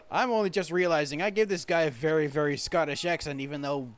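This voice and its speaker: Man hosting a let's-play, casual asides, high voice. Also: fairly even intonation, fast talker, hardly any pauses, clear, resonant tone. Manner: chuckling asides. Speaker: gaming video host.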